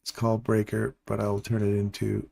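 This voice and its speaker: A man's voice: lowish voice, completely flat delivery, normal speed, gravelly, dark tone. Chatty man hosting a live trading stream. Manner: playful, chatty, addresses viewers by name. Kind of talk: casual live commentary to chat.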